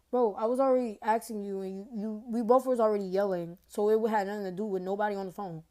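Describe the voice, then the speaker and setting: A woman's voice: medium pitch, fairly even intonation, quick pace, hardly any pauses, warm tone. A young woman telling a personal story to her viewers in a rambling, slangy way, recorded on her phone. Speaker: TikTok storyteller. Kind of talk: casual storytime rant.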